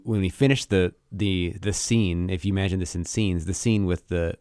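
A man co-hosting a casual faith discussion, talking in a thoughtful, halting way and often restarting his sentences. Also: sits low, darkish tone, smooth, no room sound, studio quality. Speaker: co-host.

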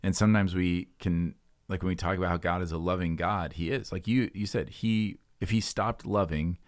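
A low-voiced man co-hosts a casual talk about faith. He speaks earnestly and rambles, with lots of fillers and restarted phrases. The sound is close and dry, with no room around it. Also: fairly even intonation, moderate pace, no room sound. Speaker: co-host.

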